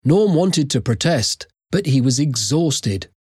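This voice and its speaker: Audiobook narrator, slow pace, lively pitch, dry close recording. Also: husky, no room sound. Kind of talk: audiobook reading.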